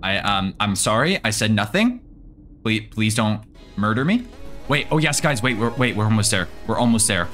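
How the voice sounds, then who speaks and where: A man's voice: on the low side, expressive, normal speed, fairly bright tone, faint music behind. A young man giving casual let's-play commentary on a horror game, nervous and jittery, talking to the monsters and his viewers. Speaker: gaming video creator.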